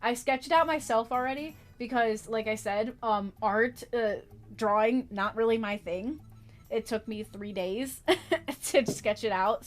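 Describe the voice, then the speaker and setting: A young woman streaming from her small bedroom, chatting casually and giggling to herself as she hunts around the room, sometimes drifting away from the mic. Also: fairly high pitch. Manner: giggly, scattered, talks to herself while searching. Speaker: art streamer. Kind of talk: casual live-stream chat.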